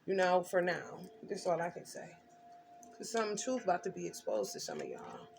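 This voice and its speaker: A woman's voice: lowish voice, huge pitch swings, normal speed, creaky, noisy background. A woman doing a tarot reading, telling her story intensely and emphatically with blunt slang. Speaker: tarot reader.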